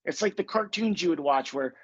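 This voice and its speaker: High, husky-voiced blunt male podcast host. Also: lively intonation, fairly quick, muffled recording. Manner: blunt, profane, emphatic. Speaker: podcast host and manifestation coach. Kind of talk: casual podcast talk.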